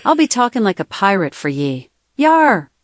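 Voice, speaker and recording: A woman's voice: medium pitch, big pitch swings, no echo, clean studio sound, close to an everyday voice. Synthetic woman voice putting on a swaggering pirate. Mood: playful. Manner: pirate slang, drawn-out sea talk. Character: swaggering pirate talking to her captain.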